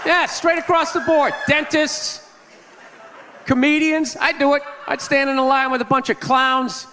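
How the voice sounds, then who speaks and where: Very high, bright-voiced man doing stand-up. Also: flat delivery, measured pace, in a large hall, slight background noise. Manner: brash, profane riffing to the crowd. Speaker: comedian. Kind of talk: stand-up routine.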